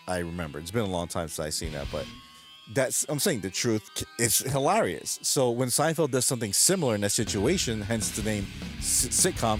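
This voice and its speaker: A man live streaming late at night, chatting to his viewers in a rambling way, often chuckling as he retells jokes. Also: fairly low pitch. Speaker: live streamer reading chat.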